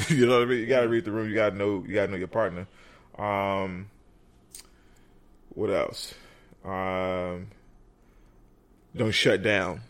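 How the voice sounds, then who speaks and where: A man's voice: lowish voice, fairly even intonation, a little slow, pauses often. A man in casual chat as a podcast co-host, laid-back and slangy, filling his talk with "like" and "you know.".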